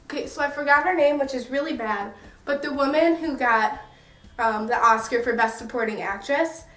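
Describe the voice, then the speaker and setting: A woman's voice: high voice, normal speed, a bit bright, distant mic. A young American woman vlogging in a casual, rambling and self-mocking way. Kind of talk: casual chatty review. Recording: echoey room, a bit off-mic.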